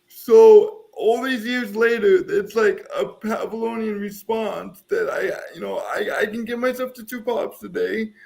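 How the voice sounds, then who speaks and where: A man's voice: high-pitched, measured pace, vocal fry, few pauses, darkish tone. A man in his thirties from the US Midwest, chatting casually and rambling in a self-deprecating way on a podcast. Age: 30s. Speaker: podcast co-host. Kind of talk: casual chat.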